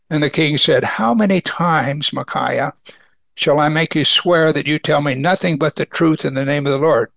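A man with a fairly high, gravelly voice preaches through a scripture passage, reading verses aloud and then talking them over plainly with his listeners. The sound is dry and close. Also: fairly bright tone, no echo. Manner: reads scripture aloud and comments conversationally. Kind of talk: sermon.

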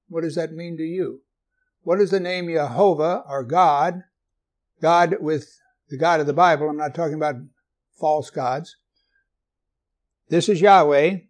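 A man delivering a sermon in a somewhat high voice. He reads scripture aloud, asks his listeners questions, and slips in gentle jokes. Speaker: preacher.

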